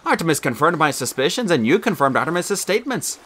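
A man voicing a calm, precocious boy genius who speaks in a polished, formal, precise way. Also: a little high, fast, pitched above the performer's own voice. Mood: composed.

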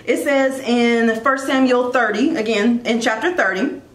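A woman giving a casual devotional talk about leadership, animated and chatty, with quick asides and self-corrections. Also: a little high, echoey room. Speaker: Christian blogger giving devotional teaching.

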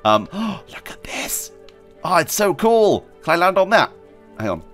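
A man commenting as he plays a video game, chatty and excitable, often squealing with delight. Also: sits high, measured pace, faint music behind. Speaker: gaming video host. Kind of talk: let's play commentary.

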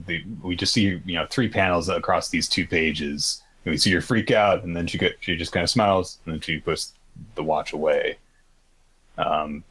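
A man's voice: low-pitched, fairly bright tone, husky. A man co-hosting a podcast, retelling a story in a rambling casual chat with lots of fillers and the odd swear. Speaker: podcast co-host.

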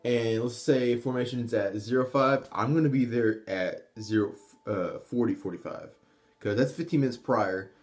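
A man's voice: medium pitch, normal speed, a little mellow. A young man giving casual tips to camera, rambling and swearing, with frequent restarts. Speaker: vlogger, army trainee.

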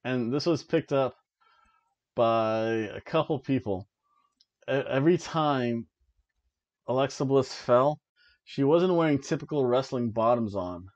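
A man's voice: mid-range voice, unhurried, pauses often, a little mellow. Chatty man recapping wrestling, lo-fi sound. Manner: chatty, rambling, laughs at his own jokes. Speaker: podcast host reviewing wrestling. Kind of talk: casual chat. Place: home, seated in an old chair.

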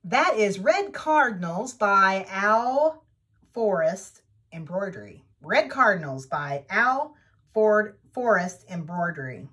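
A woman's voice: mid-range voice, sing-song, takes it slowly, fairly bright tone. A woman hosting a needlework vlog, chatting casually and enthusiastically as she shows off projects. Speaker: needlework vlogger. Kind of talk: casual show-and-tell chat.

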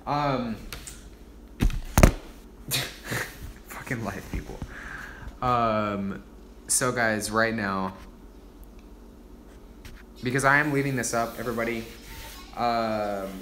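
A man's voice: lowish voice, background noise. A man hosting a casual livestream, joking and mocking himself with lots of swearing while he cooks. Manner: profane, joking, self-mocking.

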